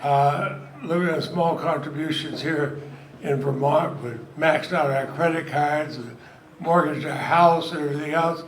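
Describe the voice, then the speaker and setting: Older man telling stories in echoey hall. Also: a little high. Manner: rambling storyteller, self-deprecating humor, frequent pauses. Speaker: honored senator giving a speech. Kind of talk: anecdotal speech to a crowd. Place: event hall with audience. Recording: echoey hall, noisy crowd. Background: audience laughter and room noise.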